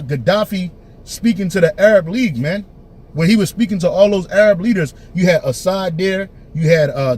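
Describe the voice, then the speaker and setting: A man with a high, husky voice preaching in a blunt, emphatic way. He keeps tagging sentences with "man" and circles back to repeat his points. His delivery is loose and conversational, yet it hammers each point home. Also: darkish tone. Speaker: teacher. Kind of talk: preaching street-style commentary.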